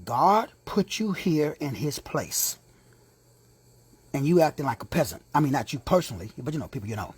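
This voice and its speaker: A man's voice: on the high side, very animated, normal speed, slightly rough, no room sound. A man teaching a sermon-style Bible lesson, emphatic and repetitive, with slangy asides to his listeners. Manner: emphatic, repeats key words, slangy asides.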